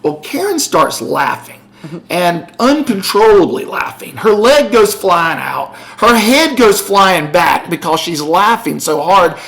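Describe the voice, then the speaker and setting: A man's voice: sits high, big pitch swings, slow, vocal fry, fairly bright tone. A middle-aged man co-hosting a podcast, telling a story in casual chat and animatedly acting out the voices of the people in it. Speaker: podcast co-host.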